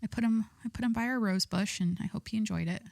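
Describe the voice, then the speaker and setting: Young adult woman, podcast host; candid, rambling casual chat, middle pitch, dry close recording. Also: fast, vocal fry, a little mellow, dry recording. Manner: rambling, candid, lots of "like" fillers.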